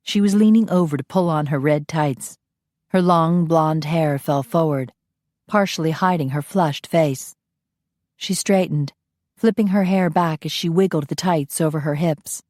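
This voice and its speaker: Low-voiced woman narrating an audiobook. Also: measured pace, darkish tone, no echo, clean studio sound.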